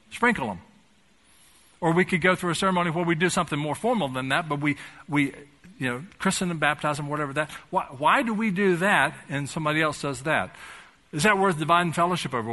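A man's voice: a little high, bright, forceful tone. A man preaching a sermon as pastor, talking in a conversational, folksy way with touches of humor and building to fervent emphasis.

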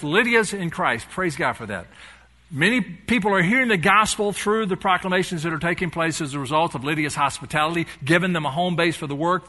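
A man's voice: high-pitched, bright, forceful tone. A male pastor preaching a sermon, animatedly retelling a story and acting out its dialogue.

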